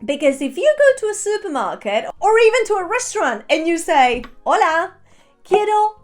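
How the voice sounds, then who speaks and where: High, lively, playful woman teaching. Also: moderate pace, soft background music. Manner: playful, theatrical, laughs often. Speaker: Spanish teacher. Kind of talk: online language lesson.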